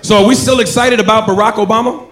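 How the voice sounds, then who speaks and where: Brash stand-up comic in a roomy club. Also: male voice, high-pitched, steady tone, quick pace, loud music behind the voice. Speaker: stand-up comedian. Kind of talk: stand-up routine. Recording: roomy live club recording. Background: crowd.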